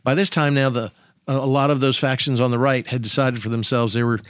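Guy telling old case stories on a podcast, jokey and animated, dry sound. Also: medium pitch, brisk, clear, resonant tone, no echo. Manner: animated storytelling with teasing jokes. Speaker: lawyer and state senator. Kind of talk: podcast conversation.

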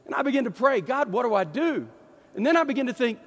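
High-voiced East Texas pastor telling stories. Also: male voice, fast talker, breathy edge, in a large hall. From East Texas, USA. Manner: folksy, animated storyteller. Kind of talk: storytelling sermon.

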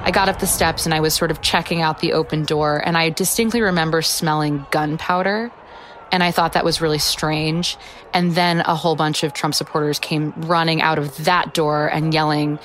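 A woman with a very low voice recounts events she witnessed as a reporter. She speaks in a reflective way. Faint background noise sits under her voice. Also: steady tone, fairly quick. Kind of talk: eyewitness recollection.

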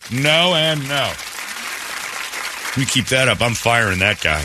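A man's voice: mid-range voice, lively intonation, takes it slowly, a crowd in the background, noisy background. A man hosting a morning radio show, ranting sarcastically in casual banter. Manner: sarcastic, mocking rants.

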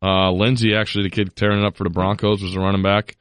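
Lower voiced guy on a betting podcast, rambly, dry close mic. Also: clear, resonant tone, dry recording. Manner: rambling, quick restarts, lively rises in pitch when making a point. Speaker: podcast co-host, sports betting picks. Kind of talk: casual sports betting chat.

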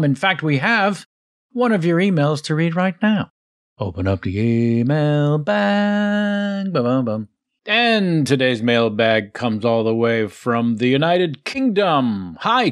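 A man hosting a casual podcast, reading listener mail aloud. His delivery is playful and self-mocking, with jokey asides. His pitch swings in a lively, animated way. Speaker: podcast host and actor.

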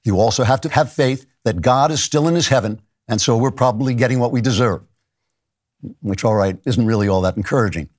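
Middle-aged male host, medium pitch, sardonic and dry, monologue delivery. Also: fairly quick, a little mellow. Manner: sardonic, dry mock-serious jokes. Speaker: show host. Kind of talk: satirical political commentary monologue.

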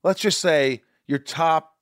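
A man's voice: fairly high pitch, takes it slowly, no room sound, clean studio sound. A man interviewing casually, asking eager fan questions. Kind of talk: casual chat.

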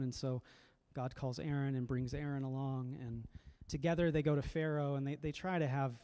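A man's voice: mid-range voice, little pitch movement, moderate pace, hardly any pauses, warm tone. A man preaching a sermon as a pastor, reflective and conversational, often repeating words as he goes.

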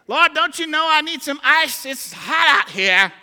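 A man doing a whining, high-pitched voice of a panicked churchgoer complaining to God. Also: animated, measured pace, bright, forceful tone, exaggerated voice. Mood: whiny. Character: whiny panicked churchgoer man, broken fridge. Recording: hall reverb.

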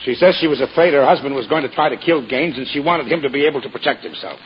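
A man playing a gruff, cocksure cop. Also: mid-range voice, lively intonation, fast talker, highs cut off, close to an everyday voice. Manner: gruff, dismissive, chuckling. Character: blunt, cocksure male police officer. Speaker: police officer. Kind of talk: 1940s radio acting. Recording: hissy 1940s radio broadcast.

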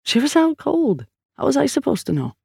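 A man's voice: on the high side, big pitch swings, fairly quick, vocal fry, darkish tone, slightly rough, no echo, clean studio sound, heavily acted. A man voicing a wry, nervous young man.

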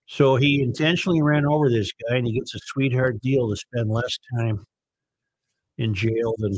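A man's voice: medium pitch, steady tone, moderate pace, no room sound, low-quality recording. A man hosting a talk radio show, reading news and this-day-in-history items in a casual, conversational way. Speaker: radio host.

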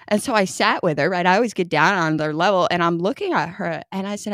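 A woman's voice: mid-range voice, sing-song, a little fast, few pauses, fairly bright tone, no echo, studio quality. A woman in her thirties co-hosting a casual parenting podcast, telling stories about her kids and acting out what they said. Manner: chatty storyteller, acts out quotes. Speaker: podcast co-host. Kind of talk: casual chat.

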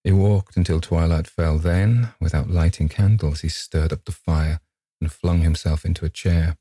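A man narrating a ghost story in a measured, grave manner. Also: low-pitched, fairly even intonation, dark tone, husky, no room sound. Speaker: audiobook narrator.

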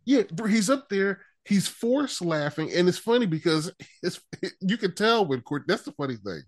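A man co-hosting a wrestling podcast in loose, laughing banter. His pitch leaps and dips as he mimics people and cracks himself up. The sound is dry and close. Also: moderate pace, no echo. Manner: animated, laughs often, mimics others. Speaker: podcast co-host.

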